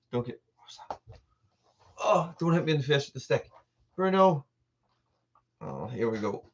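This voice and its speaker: A man's voice: a little high, very animated, normal speed, long pauses, muffled recording, slight background noise. An Irish man hosting a casual livestream, rambling from point to point and answering viewers' comments by name. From Ireland. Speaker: channel host.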